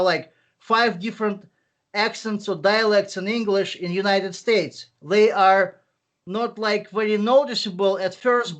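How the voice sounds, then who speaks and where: A Russian-accented man talks through a video call in a fairly high voice, pausing on lots of ums and uhs as he restarts sentences. He sounds like a teacher handing out advice in an interview. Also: a bit bright. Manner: halting, many fillers and restarts. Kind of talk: online interview.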